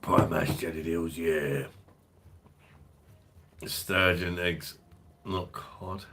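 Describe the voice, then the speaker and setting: A man with a London accent and a very deep, low voice talks through a casual livestream. He jokes crudely, swears freely and rambles as he reads out viewer comments. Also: fairly even intonation, very slow, pauses often, a bit bright, slight background noise. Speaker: host of a beer review livestream.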